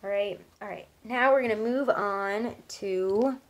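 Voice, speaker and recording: A young woman gives an unhurried tarot reading in a mid-range voice, captured with poor audio. She's chatty and reassuring, sprinkling in plenty of "likes" and "ums" as fillers.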